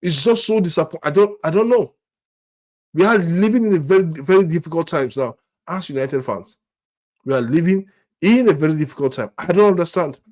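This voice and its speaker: A man's voice: fairly high pitch, brisk, a little mellow. A man hosting a football fan channel, ranting with frustration, often repeating and restarting his words and firing off rhetorical questions. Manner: repetitive, stammering restarts, exasperated rhetorical questions. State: angry and disappointed. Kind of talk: frustrated fan rant to camera.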